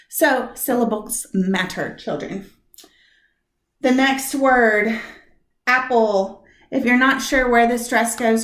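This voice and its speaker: A woman teaching a recorded video lesson to her high school English class, talking straight to the students and drawing out her spoken examples. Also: fairly bright tone, reverberant. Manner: chatty, direct address to students, drawn-out examples. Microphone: computer mic.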